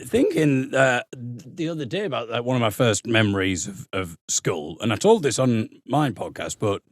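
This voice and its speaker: A man's voice: medium pitch, moderate pace, no room sound, clean studio sound. A man, a comedian guest, telling a childhood story in casual podcast chat and slipping into silly voices. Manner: animated storyteller who slips into silly voices.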